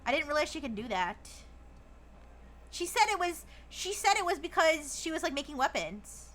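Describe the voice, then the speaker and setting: Giggly high-voiced woman streamer. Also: sing-song, moderate pace, a bit bright. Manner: giggly, reads chat aloud and riffs on it. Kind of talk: casual live-stream chat.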